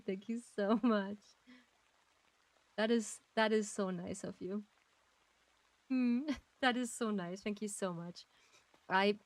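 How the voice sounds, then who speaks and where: Woman streamer, casual game-stream chatter, slow unhurried delivery, giggly and grateful. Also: medium pitch. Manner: giggly, chatty, thanks viewers warmly. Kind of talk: casual livestream chat while playing a game.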